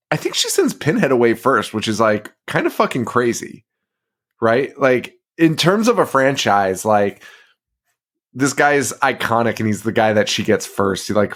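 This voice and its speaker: A man's voice: fairly low pitch, very animated, normal speed, a bit bright. A man co-hosting a horror movie podcast, casually recapping the plot with lots of swearing and laughter. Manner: profane, laughing, recounts plot with put-on quotes. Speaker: podcast co-host.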